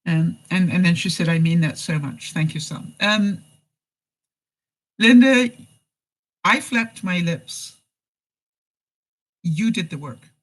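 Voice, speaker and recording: A woman's voice: on the low side, slow, pauses often, poor audio. Chatty woman vlogger who laughs a lot. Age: middle-aged. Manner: chatty storyteller, laughs often, acts out quoted lines. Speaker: vlogger giving life advice. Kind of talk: live-stream chat, reading viewer comments.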